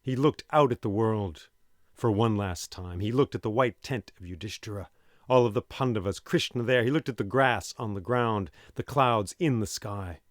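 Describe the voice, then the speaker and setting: A man telling an epic tale aloud in an expressive, dramatic way. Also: fairly low pitch, moderate pace, no echo, studio quality. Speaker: storyteller. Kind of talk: oral storytelling.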